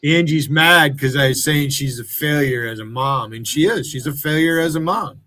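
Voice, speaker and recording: A man hosting a livestream, ranting angrily at his chat with heavy profanity, taunting viewers and breaking into loud outbursts. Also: fairly high pitch, normal speed. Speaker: livestream host.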